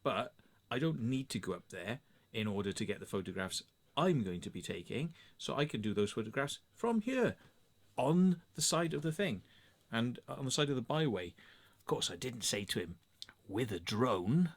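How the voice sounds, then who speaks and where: A middle-aged English man telling a story in a sweary, sarcastic, animated rant to camera. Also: medium pitch, normal speed. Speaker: vlogger. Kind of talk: casual ranting monologue.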